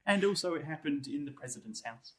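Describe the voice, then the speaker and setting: A man co-hosting a casual podcast, joking around and reading an old ghost story aloud with lively expression. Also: a little high, fast. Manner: wry, jokey, reads with lively expression.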